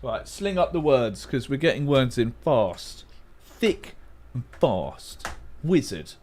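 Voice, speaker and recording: A young man hosts a relaxed livestream, musing over word guesses with playful, self-mocking remarks. He talks at an unhurried, slow pace. His voice rises and falls with a lively pitch. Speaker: livestream host. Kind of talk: casual livestream chat while playing a word game.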